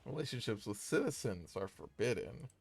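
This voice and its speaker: A woman's voice: very deep voice, sing-song, moderate pace, vocal fry, a little mellow, slightly rough, heavily acted. A woman voicing a female investigator from a game, reading her lines in a dry, matter-of-fact way. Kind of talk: reading game dialogue aloud.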